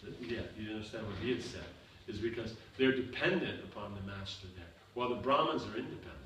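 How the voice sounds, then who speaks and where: Speaking fast in a lowish voice, a man teaches a seminar and fields questions in a Q&A lecture. Repeated examples carry his explanations, punctuated by frequent "you understand?" It's an echoey seminar room recording, distant from the mic, with faint noise.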